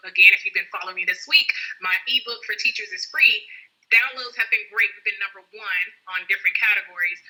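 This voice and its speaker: A woman's voice: medium pitch, bright, forceful tone, low-quality recording. A woman author hosting a casual live-stream chat, upbeat and promoting her books. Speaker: children's book author and live-stream host. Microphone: phone or laptop on a live video stream.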